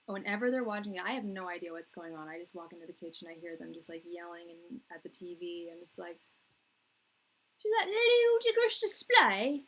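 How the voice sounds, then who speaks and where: A woman's voice: on the low side, fairly even intonation, quick pace, few pauses, slightly rough, rough recording. A young woman chats loosely with her live-stream viewers, rambling from one thought to the next. Her talk is slangy and easygoing, and she laughs often between remarks. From England. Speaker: tarot reader hosting a live stream.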